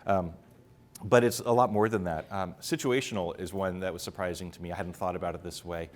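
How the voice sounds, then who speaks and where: Casting: middle-aged male conference speaker, lowish voice, rapid delivery full of ums. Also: steady tone. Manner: fast-talking, many fillers. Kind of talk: conference talk. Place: conference room with audience.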